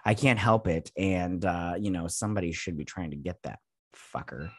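A man's voice: sits low, moderate pace, a bit bright, no room sound, studio quality. Blunt, rambling man reviewing an episode. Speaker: show host reviewing a TV episode. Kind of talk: casual recap and review. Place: at home with a dog nearby.

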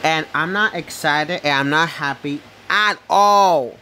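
High, bright-voiced man ranting angrily. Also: unhurried, a little hiss or hum. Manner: angry, repetitive ranting with bursts of yelling. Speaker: vlogger. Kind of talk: angry vlog rant.

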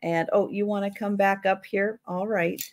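A woman's voice: medium pitch, steady tone, normal speed, dry recording, studio quality. A middle-aged woman hosting a live vintage sale, chatting casually and talking to her pets between items. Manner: chatty, talks to her pets in baby talk. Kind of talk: casual live selling chat.

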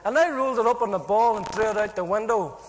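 A man's voice: high voice, quick pace, big-room sound. A man with an Irish accent giving a comic testimony, full of jokes and punchlines. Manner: jokey, punchline-driven, animated.

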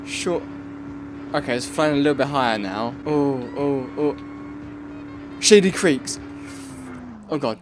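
A young man rambling through let's play commentary, breaking into sudden excited yelps and repeated pleas. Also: medium pitch, measured pace, pauses often, music in the background. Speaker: gaming channel host.

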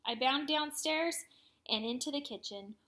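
Storybook reader: a woman with a fairly high voice and an animated read-aloud style. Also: measured pace. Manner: lively, expressive storytelling. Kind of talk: reading a children's chapter book aloud.

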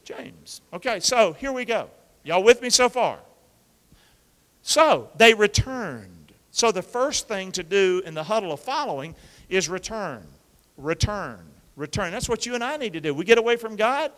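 A male pastor preaching an animated call-and-response sermon, coaxing the congregation to repeat after him and using football pep-talk imagery. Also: high-pitched, moderate pace. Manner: energetic, coaxes the congregation to repeat lines. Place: church sanctuary with a congregation. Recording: long reverb of a large church hall.

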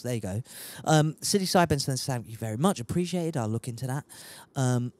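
A man's voice: mid-range voice, animated, normal speed, few pauses, no room sound. A young man chatting casually while streaming a game, reading out viewer messages, sweary and laughing at himself. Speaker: gaming streamer.

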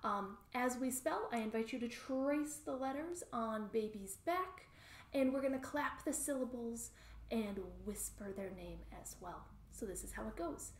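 A woman's voice: fairly high pitch, expressive, unhurried, roomy sound, a little hiss or hum. A woman librarian leading a baby lap-sit storytime from home, talking cheerfully and singing rhymes. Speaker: children's librarian. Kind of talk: storytime lesson with songs and rhymes.

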